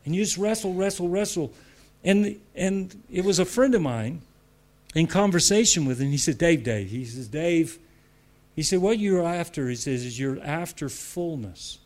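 A man's voice: a little high, animated, normal speed, darkish tone. A man preaching a sermon with emphatic repetition, laughing between points.

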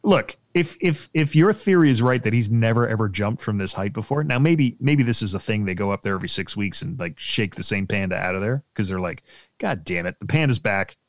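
A man chatting casually with friends while reacting to a video, animated and given to acting out little voices as he spins theories. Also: fairly low pitch, fairly quick, few pauses, dry recording, clean studio sound. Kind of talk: casual banter.

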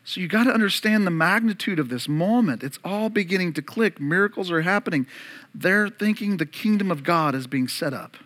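A man's voice: high-pitched, expressive, brisk, fairly bright tone. A male pastor preaching an Easter sermon, earnest and direct, asking his congregation questions as he goes.

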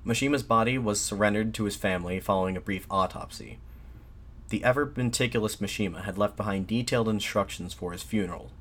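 Man narrating history in a steady voice. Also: lowish voice. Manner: steady, measured reading with occasional restarts.

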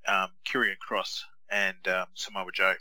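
A man in his thirties rambles easily through a podcast chat, full of ums and uhs. His voice is low-set but strikingly bright and sharp. The recording is dry and close. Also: little pitch movement, measured pace, dry recording, rough recording. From Australia. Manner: easygoing, rambling, with many fillers. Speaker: podcast co-host. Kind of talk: casual chat.

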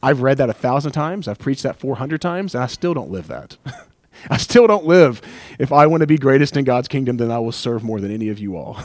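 A man's voice: medium pitch, a little mellow, no room sound. A man preaching a sermon as pastor, conversational and emotional, with asides and acted-out quotes.

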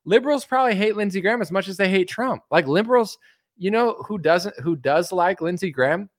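A man's voice: high voice, lively intonation, a little fast, dry recording. Rambling man mocking politicians, dry close sound. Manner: rambling, filler-heavy, mocking impressions of politicians. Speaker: commentary streamer. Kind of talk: casual political commentary rant.

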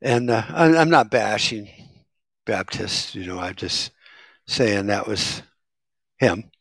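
A man's voice: fairly low pitch, expressive, slow pace, vocal fry, fairly bright tone, no echo. A middle-aged man talking in a casual, rambling monologue, sarcastic and wisecracking. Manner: rambling, sarcastic, self-described smartass. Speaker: vlogger.

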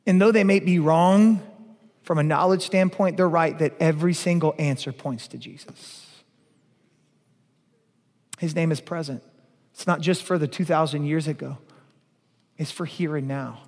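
A male pastor preaching a sermon, emphatic, asking rhetorical questions and swinging between loud declarations and hushed lines. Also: on the high side, normal speed, long pauses. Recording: long reverb of a large hall.

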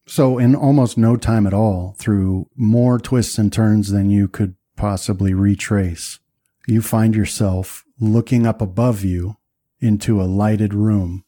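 A man narrating as game master, describing scenes with many pauses and fillers. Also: fairly low pitch, warm tone, no echo.

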